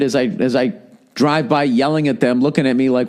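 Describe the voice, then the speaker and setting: A man's voice: medium pitch, steady tone, fairly quick, a little mellow. A man hosting a podcast alone, ranting in a rambling, sardonic way and swearing often. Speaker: podcast host. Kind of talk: solo podcast rant.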